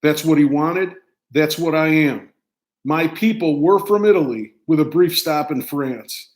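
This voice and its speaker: An American man in his sixties, a writer reading his own personal essay aloud in short, measured, declamatory phrases. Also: fairly high pitch, a little mellow. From United States.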